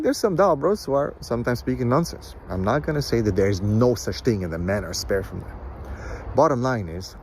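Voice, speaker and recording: A man speaks in a low, steady voice and lectures bluntly and forcefully. He mocks the people he quotes by pitching his voice up. A faint hum of noise sits under the recording. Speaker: Islamic counselor and commentator. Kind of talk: opinionated monologue.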